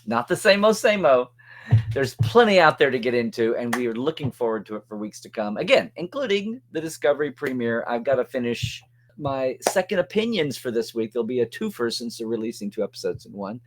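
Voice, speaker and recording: Chatty, lively-voiced man hosting a web show. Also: mid-range voice, fairly quick, a little hiss or hum. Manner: chatty, upbeat, reads out supporter shout-outs. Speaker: show host. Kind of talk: casual web show chat.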